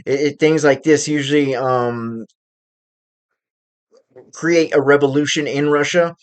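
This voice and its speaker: A man's voice: a little high, clean tone. Man giving casual news commentary. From United States. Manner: unscripted, pausing often to find words. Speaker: channel host. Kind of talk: casual solo commentary on current events.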